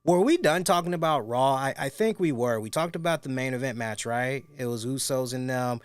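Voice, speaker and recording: A man's voice: medium pitch, animated, fairly quick, smooth, no room sound. A middle-aged man hosting a wrestling review, telling loose, crude, laughing stories in casual chat. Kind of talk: casual profane storytelling.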